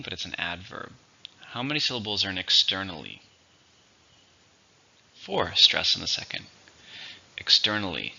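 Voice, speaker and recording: A man teaching English vocabulary, going through each word methodically and repeating it slowly for its syllables and stress. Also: on the low side, gravelly, pushed and bright, highs cut off. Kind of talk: vocabulary lesson.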